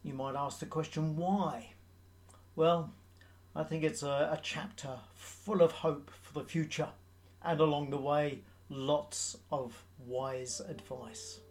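A man preaching a sermon in a measured, halting way, with frequent pauses and fillers. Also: a little high, fairly even intonation, a little mellow.

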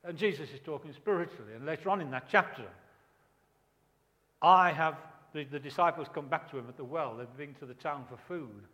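Male preacher, higher voice, emphatic, rhetorical questions, long reverb of a church hall. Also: fast talker, few pauses, a bit bright. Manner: emphatic, repeats key phrases, asks rhetorical questions. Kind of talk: sermon.

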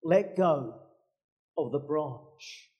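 A preacher voicing God in a joke, speaking calmly and plainly. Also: male voice, on the high side, very slow, dull audio. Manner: calm, matter-of-fact. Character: calm, all-knowing male God.

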